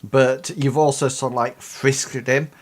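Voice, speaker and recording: A man narrating as game master of a tabletop game, halting with frequent ums. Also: medium pitch, little pitch movement. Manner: halting, many ums and uhs.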